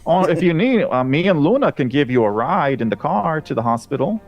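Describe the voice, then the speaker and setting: A man's voice: fairly high pitch, sing-song, brisk, voice pushed up. A man voicing a cheerful, chatty canine police officer in a tabletop game. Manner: bubbly, chatty, upbeat.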